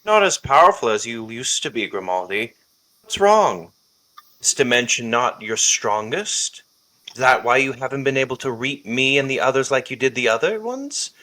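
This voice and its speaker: A man voicing a defiant male hero who taunts a villain boldly and loudly. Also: mid-range voice, expressive, normal speed. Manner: bold, loud, taunting.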